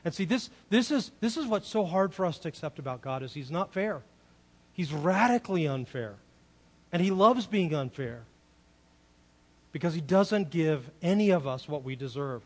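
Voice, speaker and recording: A man's voice: a little high, expressive, moderate pace, a little mellow. A man preaching a sermon in an earnest way, often asking the listeners rhetorical questions. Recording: long reverb of a large hall.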